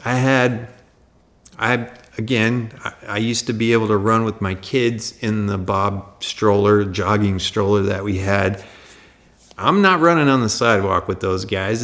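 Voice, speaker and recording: Animated man telling a story. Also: on the low side. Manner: animated, exasperated, laughs between points. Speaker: livestream host. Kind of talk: casual storytelling monologue.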